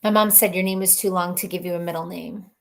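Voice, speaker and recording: A woman's voice: fairly low pitch, steady tone, fast talker, vocal fry. Chatty woman hosting a live stream. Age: adult mother of children. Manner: chatty and rambling, laughs often, thinks out loud. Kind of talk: casual live-stream chat, reading viewer comments aloud.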